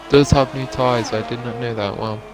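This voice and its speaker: A man doing live commentary on a sim racing league, in relaxed, joking banter with his co-commentator, through a poor-quality mic. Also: mid-range voice, normal speed, over music.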